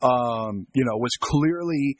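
A man in casual podcast chat about movies, animated and joking, laughing often. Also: mid-range voice, takes it slowly. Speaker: podcast co-host. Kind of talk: casual chat reviewing films.

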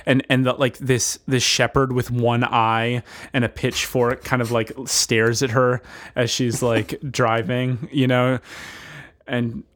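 A man co-hosting a casual podcast, spinning a story as he goes. He rambles with lots of fillers and restarts, in a playful tone at an ordinary middle pitch. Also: flat delivery, takes it slowly, a bit bright. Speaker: podcast co-host. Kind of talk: casual chat, improvised movie pitch.

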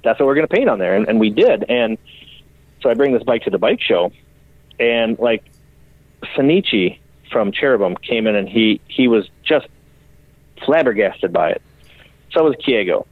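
A man's voice: on the low side, animated, moderate pace, long pauses, no room sound. A man, a custom bike builder, telling his story bluntly and emotionally in an interview, with frequent swearing. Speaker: custom bicycle builder, guest. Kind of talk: candid podcast interview storytelling. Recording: dry, phone-like remote call audio.

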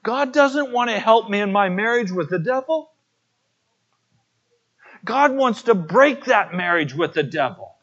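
A man's voice: high voice, big pitch swings, measured pace, long pauses, fairly bright tone, muffled recording. A man preaching a sermon as pastor, telling personal stories in an earnest way.

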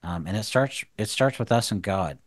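A man's voice: fairly low pitch, animated, normal speed, no room sound. A man co-hosting a faith podcast, talking earnestly about marriage in a casual, preachy way, full of "you know" and restarts. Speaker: podcast co-host.

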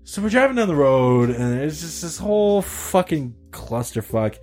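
A man telling a long story in casual chat, animated, laughing often and swearing freely. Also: on the high side, normal speed, soft background music. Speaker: podcast host telling a story.

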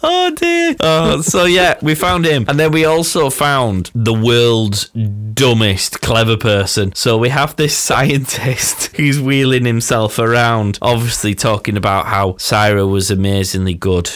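A man's voice: mid-range voice, fairly even intonation, unhurried, fairly bright tone, no room sound. A man co-hosting a podcast, chatting casually and sardonically about a TV show. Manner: sardonic, laughs often, critical. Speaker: podcast co-host. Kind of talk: casual review chat.

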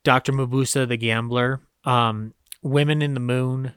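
A man's voice: medium pitch, fairly even intonation, a little slow, fairly bright tone, clean tone, dry recording, studio quality. A man co-hosting a podcast, talking casually about old films with many fillers and frequent laughs. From United States. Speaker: podcast co-host. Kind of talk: casual film discussion.

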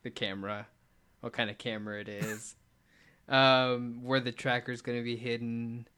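Male podcast host, mid pitch, casual, jokey asides while reading script. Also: level tone, normal speed, pushed and bright, smooth. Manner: reads script lines aloud with jokey asides. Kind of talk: casual chat.

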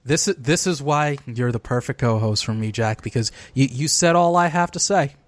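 A man's voice: mid-range voice, moderate pace, dry recording. Easygoing man podcast host. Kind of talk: casual podcast chat.

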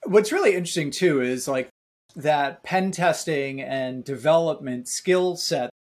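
A man's voice: on the high side, a little slow. A man hosts a podcast interview, easygoing and conversational. He introduces his guest and adds dry little asides. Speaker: podcast host. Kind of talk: interview hosting.

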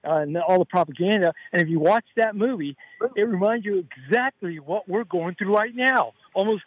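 A male caller on a radio phone-in who rambles on in long, earnest run-on stretches. His voice is a little high for a man, with a close, dry sound. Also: normal speed, no room sound, highs cut off. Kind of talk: phone-in call to radio show.

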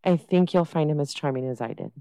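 A woman's voice: sits low, animated, brisk, creaky, warm tone, dry recording, low-quality recording. A woman hosting a podcast, reading a prepared intro. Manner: reads a prepared script. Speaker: podcast host.

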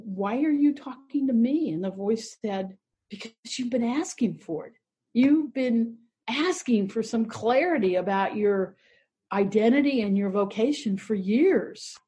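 Husky-voiced woman, 60s, clergy guest, thoughtful storyteller. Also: mid-range voice, a little mellow. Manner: reflective, earnest, lightly humorous. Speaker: Episcopal priest, interview guest. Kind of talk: personal storytelling in conversation.

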